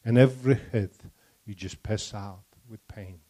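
A man's voice: on the low side, measured pace, dark tone, husky. An older man from Poland with a Polish accent and broken English, giving a testimony to a church audience and stopping to put questions to the listeners.

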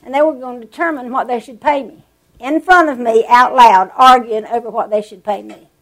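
Woman, preacher, sermon, animated storytelling, a little high-pitched. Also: a little fast, poor audio. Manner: animated storytelling, draws out words for emphasis.

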